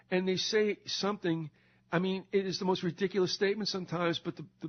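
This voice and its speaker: An older man hosting a talk show, ranting in a sarcastic, indignant monologue with mocking asides. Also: a little high. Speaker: radio talk show host. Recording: dull lo-fi recording.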